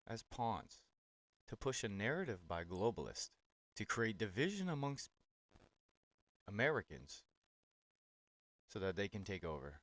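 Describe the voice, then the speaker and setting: A man's voice: fairly low pitch, big pitch swings, measured pace, pauses often, a bit bright, no echo. A man hosting political reaction commentary on clips, talking in a blunt, sarcastic and profane way.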